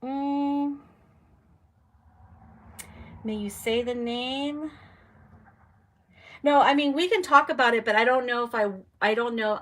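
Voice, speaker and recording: A young adult woman casually hosting a live stream, chatting and reading out viewer comments. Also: a little high. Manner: chatty, reads viewer comments aloud, animated reactions. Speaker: livestream host.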